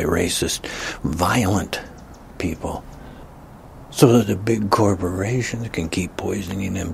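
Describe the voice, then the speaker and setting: Man, deep voice, slow delivery, emphatic rant, breathy whispered asides. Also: darkish tone, slight background noise. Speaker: political commentator. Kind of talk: ranting political commentary.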